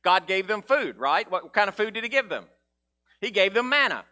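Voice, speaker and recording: A man preaching a conversational, animated sermon as pastor, often restarting his sentences and acting out quotes. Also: sits high, moderate pace.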